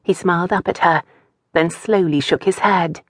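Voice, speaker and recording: A woman reads a romance novel aloud in a calm, even storytelling manner. Her voice sits low, and the studio recording is dry and close. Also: normal speed, dry recording. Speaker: audiobook narrator. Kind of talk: scripted narration.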